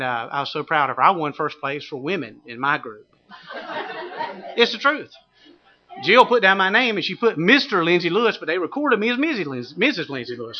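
On a lo-fi recording, a middle-aged male pastor with a slightly high voice preaches a sermon. He animatedly tells a funny personal story, then builds to fervent, shouted exhortation.

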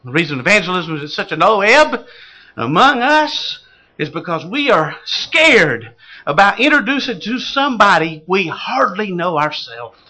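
Male pastor preaching. High, animated voice that questions the flock and rises to fervent exclamations. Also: measured pace, low-quality recording. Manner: asks the congregation questions and builds to fervent exclamations. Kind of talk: sermon.

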